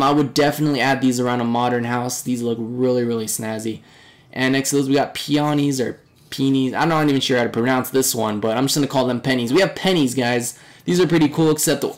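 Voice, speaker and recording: Chatty young man, slightly hoarse. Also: medium pitch. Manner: chatty, relaxed, with fillers and upbeat remarks. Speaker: game reviewer. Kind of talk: casual game walkthrough narration.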